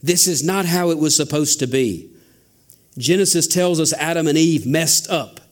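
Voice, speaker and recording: A man's voice: on the high side, moderate pace. A man preaching a sermon as a pastor, asking rhetorical questions and building emphasis. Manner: father.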